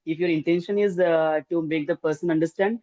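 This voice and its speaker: A man's voice: fairly high pitch, steady tone, fairly quick, warm tone, dry recording. A man from India with an Indian accent, an English teacher hosting a casual interview, hesitant and deferential, with many fillers. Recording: dull, dry lo-fi mic.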